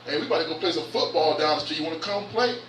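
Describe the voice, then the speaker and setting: A man's voice: on the high side, racing, fairly bright tone, slight background noise, natural voice. A man voicing a neighborhood boy asking a friend to come play football. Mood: eager. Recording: echoey room, mic from far off.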